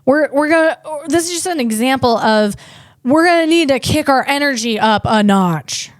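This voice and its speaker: A woman's voice: sits high, expressive, moderate pace, no echo, clean studio sound. A woman hosting a comedy podcast, riffing casually and interrupting herself as she talks. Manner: chatty, riffing, self-interrupting.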